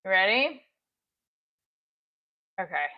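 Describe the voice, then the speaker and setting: A woman's voice: mid-range voice, very animated, takes it slowly, highs cut off. A woman, a comedian and actress, chatting on a live stream, thanking viewers and rambling about her shows.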